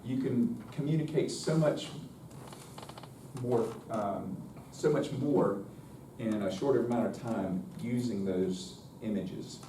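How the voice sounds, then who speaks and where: A man's voice: fairly low pitch, slow pace, warm tone. A man with a North Carolina accent leading a choral workshop in a chatty, folksy way. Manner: folksy, chatty, demonstrates by singing. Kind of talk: workshop lecture with sung demonstrations. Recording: roomy, distant mic, faint noise.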